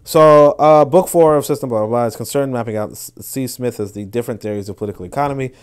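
A man hosting a podcast, talking through ideas in casual spoken commentary, rambling with many restarts and fillers and breaking into animated bursts. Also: medium pitch, quick pace, clean tone. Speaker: podcast host.

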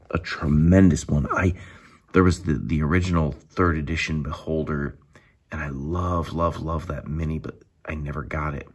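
A man giving an enthusiastic, casual review of gaming miniatures, now and then dropping into hushed asides. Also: rumbling low, husky.

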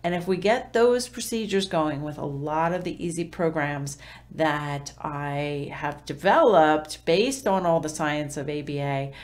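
A woman's voice: low voice, a little slow. A middle-aged woman giving parenting tips to camera in a conversational teaching style, with fillers and self-corrections.

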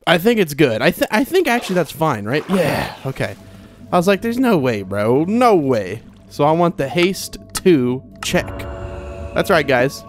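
A man's voice: fairly high pitch, big pitch swings, moderate pace, slight background noise. A young man hosting a game let's play, chatting casually and rambling as he talks straight to viewers. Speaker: Minecraft let's play host. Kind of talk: casual gameplay commentary.

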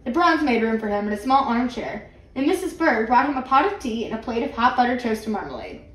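A woman hosting her own channel, reading a picture book aloud in a clear, steady storytelling way. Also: on the high side, quick pace, far from the mic, slight background noise. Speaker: channel host, reader. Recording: roomy, away from mic.

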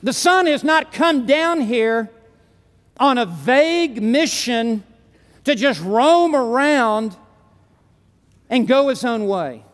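A man preaches to a conference crowd with an unusually high, ringing voice. He drives his points home with emphatic, forceful declarations. His words trail off into the long reverb of a large hall. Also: expressive, slow pace, long pauses. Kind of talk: conference sermon.

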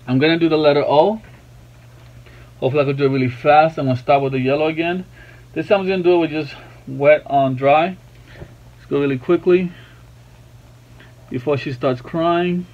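A father hosting an art tutorial narrates a casual drawing lesson from his drawing table at home, chatting playfully in a slightly high male voice. He speaks at a moderate pace with frequent pauses, sometimes breaking off to talk to his baby, and the sound is lo-fi.

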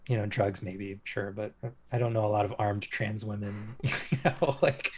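A man, a former police officer, speaking as an interview guest and telling a story in a casual, halting way, full of restarts and fillers. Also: on the low side, fairly even intonation, breathy edge.

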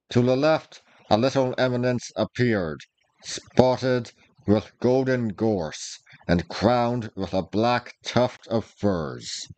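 A man narrating an old adventure novel, reading in a measured, deliberate manner. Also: fairly low pitch, darkish tone, no echo, low-quality recording. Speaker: reader, narrator. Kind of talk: storybook narration.

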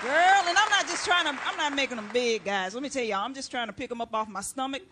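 A middle-aged woman doing a loud, brash stand-up comedy routine, shouting out to a live audience. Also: high-pitched, lively intonation, fast talker, a loud crowd, heavy background noise. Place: stage before a live studio audience.

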